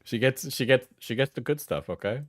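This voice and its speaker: A man's voice: mid-range voice, expressive, brisk, no room sound. A man streaming and reacting casually, laughing often and restarting his sentences.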